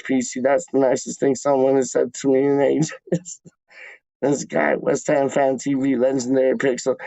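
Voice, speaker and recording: A man's voice: medium pitch, creaky, dark tone, dry recording. A man hosting a casual livestream, reading chat comments with slangy, laid-back banter and repeated phrases. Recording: dry, dull lo-fi mic.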